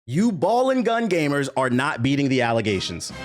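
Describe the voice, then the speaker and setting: A man's voice: mid-range voice, moderate pace, soft background music. A young man giving profane, emphatic commentary as a streamer reacting to a critic. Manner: animated, profane, emphatic ranting.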